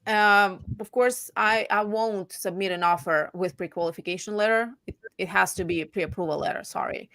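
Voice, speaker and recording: A woman real estate agent chatting casually about home buying, animated and voicing her clients' lines. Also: medium pitch, moderate pace, no echo, studio quality. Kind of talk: casual chat.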